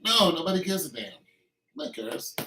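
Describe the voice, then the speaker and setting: A man delivers a teasing comedic rant, needling with mock questions. His voice is sharp and bright, a little higher than most men's. He sits back from the mic in an echoey room. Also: sing-song, a little fast, distant mic, a little hiss or hum. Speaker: vlogger. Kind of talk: comedic monologue to the camera.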